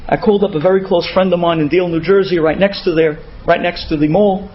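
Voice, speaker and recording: A male rabbi telling an inspirational story in an animated way, sprinkling in Hebrew words. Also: high voice, quick pace, few pauses, highs cut off.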